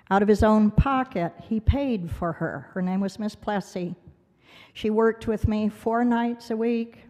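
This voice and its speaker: A woman with a warm, mid-range voice gives an emotional award speech at a big gala banquet, recounting a personal story with drama and imitating the voices of others. A long reverb from the hall hangs on the recording.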